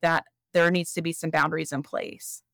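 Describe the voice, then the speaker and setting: A woman therapist, a podcast guest, explaining boundaries calmly and acting out short examples. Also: low-pitched, moderate pace, vocal fry, no echo, clean studio sound. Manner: calm, explanatory, acts out examples. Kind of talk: podcast interview.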